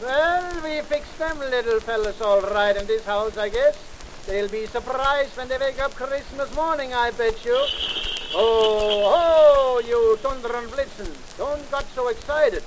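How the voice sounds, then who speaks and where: Santa Claus, jolly. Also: male voice, very high voice, unhurried, noisy background. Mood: bossy, jolly. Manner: comic dialect, hearty ho-hos, barking orders. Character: jolly old male Santa Claus, bossy with reindeer. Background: music.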